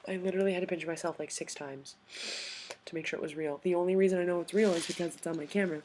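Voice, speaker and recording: Gushing young woman, slightly low voice. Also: quick pace, a little hiss or hum. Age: young adult. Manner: gushing, excitable, lots of "like" and "um". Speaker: vlogger. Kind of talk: casual storytelling vlog.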